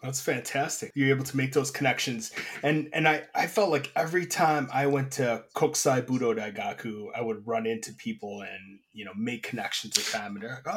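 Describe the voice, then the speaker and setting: A man with a mid-pitched voice hosts a relaxed interview. He tells stories in an animated way and slips into quoted voices. He chats freely with his guest. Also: fairly quick, hardly any pauses. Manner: animated, acts out voices in anecdotes. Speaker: podcast host. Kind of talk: casual chat, storytelling.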